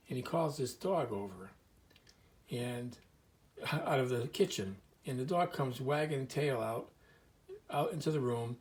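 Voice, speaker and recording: A man speaks at an ordinary middle pitch, telling stories in an earnest, rambling way and clearing his throat now and then. He talks casually to the camera from inside a small museum room. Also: normal speed.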